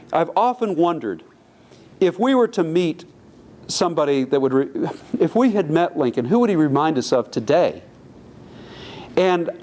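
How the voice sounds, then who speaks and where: A man's voice: a little high, darkish tone. Chatty storytelling male lecturer. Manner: conversational, anecdotal, self-correcting. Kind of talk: public lecture. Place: lecture hall.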